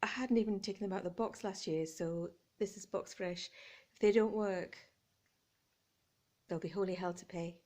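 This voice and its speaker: A woman's voice: medium pitch, moderate pace, pauses often, dark tone. A woman chatting casually in a home vlog while decorating, giggly and talking to her cat, recorded on a camera phone. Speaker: vlogger.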